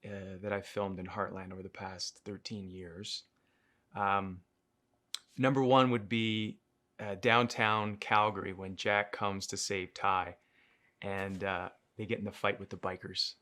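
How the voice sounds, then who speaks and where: A man in his thirties talks over his years on a show in a slightly low voice. He is thoughtful and unhurried, pausing often with fillers and restarts as he reflects. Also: a bit bright. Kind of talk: reflective interview answers.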